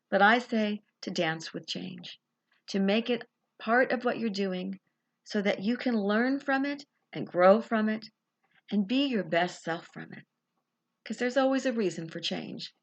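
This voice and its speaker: A woman guides a relaxation visualization in a slow, soothing way, letting her words settle between pauses. Her voice sits at an ordinary middle pitch, unhurried and gentle. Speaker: life coach leading a guided visualization. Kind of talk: guided meditation.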